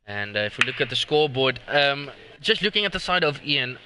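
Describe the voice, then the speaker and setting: A man co-casting a live esports match, excitable and hyped. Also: medium pitch, fairly quick, noisy background. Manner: excitable, hype-driven. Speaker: esports co-caster.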